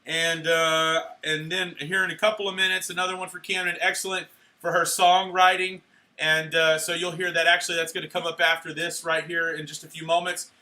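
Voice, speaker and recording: A young man emceeing a church awards night, handing out certificates in an energetic, playful way, cheering and joking with the crowd. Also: fairly high pitch, a little fast. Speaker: youth pastor handing out awards. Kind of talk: live church event emcee. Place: church hall at a live event.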